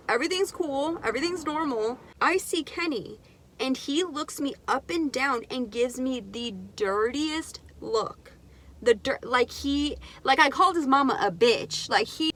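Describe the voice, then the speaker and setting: A young woman telling a personal story in a candid, animated, profane way on her vlog. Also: sits high, a little hiss or hum. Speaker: vlogger. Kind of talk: casual storytime.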